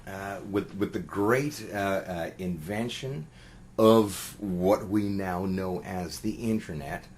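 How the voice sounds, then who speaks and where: Middle-aged musician guest, low voice, loose and rambling, faint background hiss. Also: male voice, takes it slowly, a little mellow. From Canada. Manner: rambling, many fillers and restarts. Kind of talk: casual interview chat.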